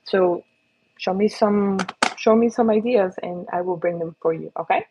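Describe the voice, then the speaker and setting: A woman's voice: mid-range voice, normal speed, background noise. A woman face painter chatting casually on a livestream while she paints, encouraging her viewers and talking to her dog. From Florida. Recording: slightly dull lo-fi livestream audio.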